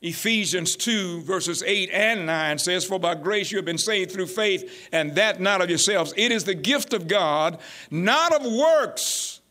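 A pastor preaching a sermon, calling out to his congregation and building to shouts. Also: high voice, unhurried, hardly any pauses. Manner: call-and-response preaching, rising to shouts.

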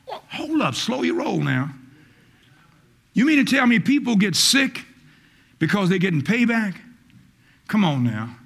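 A male pastor preaching a fiery call-and-response sermon, stammering on repeated words and rising to shouts. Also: sits high, big pitch swings, a little slow, creaky, long pauses. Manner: acts out quoted voices, stammers on repeated words.

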